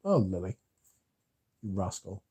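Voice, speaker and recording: A man's voice: low-pitched, sing-song, a little slow, warm tone, breathy edge. A young British man hosting a casual livestream, chatting loosely and reading out viewer comments, drowsy, with lots of filler words. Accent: British English. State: drowsy, yawning. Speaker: livestream host reading chat.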